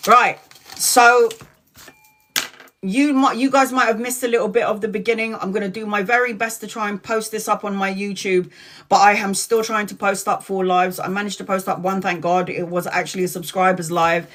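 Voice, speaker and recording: A woman's voice: mid-range voice, fairly even intonation, normal speed, a bit bright. Woman tarot host on a casual live stream, blunt, swears, laughs a lot, acts out the voices.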